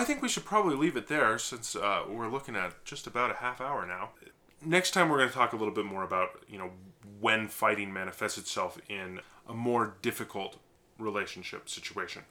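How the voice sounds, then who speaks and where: A man's voice: on the low side, pushed and bright. A man co-hosting a podcast, explaining relationship ideas in a thoughtful, rambling way with many fillers and restarts. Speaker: podcast co-host, marriage therapist. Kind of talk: casual conversational podcast.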